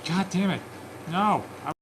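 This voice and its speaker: A man's voice: high-pitched, unhurried, noisy background. A man streaming alone, swearing and ranting in angry bursts and muttering to himself between them. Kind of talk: profane ranting stream chat.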